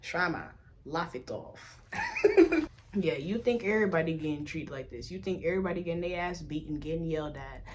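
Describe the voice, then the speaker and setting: A young adult woman from Africa talking candidly in a casual vlog, blunt and profane, jumping from loud outbursts to low mutters. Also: very animated, moderate pace, slight background noise. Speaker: vlogger.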